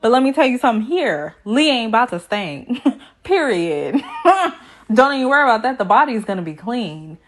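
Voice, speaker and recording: A woman's voice: on the high side, sing-song, normal speed. A woman recapping a reality show in a sassy, chatty way, full of slang asides. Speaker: TV recap vlogger.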